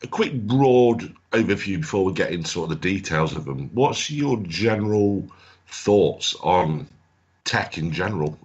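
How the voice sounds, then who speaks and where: A man hosting a radio chat show in a friendly, informal way, his voice croaky from a sore throat. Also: sits low, lively intonation, measured pace. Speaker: host. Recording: dull lo-fi sound.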